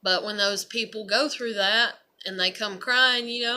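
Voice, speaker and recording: A woman's voice: a little high, moderate pace, few pauses, pushed and bright. A young woman talking candidly to the camera in a rambling personal vlog, swearing freely. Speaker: vlogger. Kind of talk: casual personal vlog monologue.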